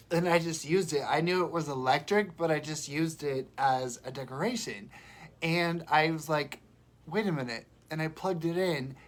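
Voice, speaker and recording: A woman with a cold on a casual livestream from home, sounding congested and fighting back tears as she talks. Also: low-pitched. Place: home, indoors. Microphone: phone or webcam on a live video.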